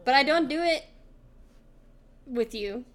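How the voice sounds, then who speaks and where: A fairly high-voiced woman chatting as a podcast co-host. She tells stories with a lot of animation, jumping way up in pitch to act out the people in them. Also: takes it slowly. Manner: animated storyteller, mimics voices with big pitch jumps. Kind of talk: casual chat.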